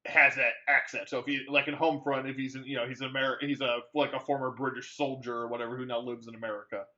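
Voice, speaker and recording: Fast and flat, his medium-pitched voice sounds pushed and bright despite dull audio. He co-hosts a movie podcast, rambling through casual review chat with many fillers and restarts.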